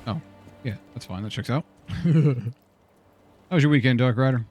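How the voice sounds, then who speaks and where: Over soft background music, a man streams a game with casual commentary, muttering exasperated questions to himself while playing. His voice is medium-pitched and somewhat dark, at a moderate pace.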